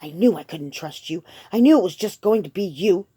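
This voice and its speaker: A woman reading as an earnest young female servant, direct and indignant, with a hurt edge under her words. The voice is mellow and low-pitched, recorded close and dry. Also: expressive, brisk, husky, no room sound.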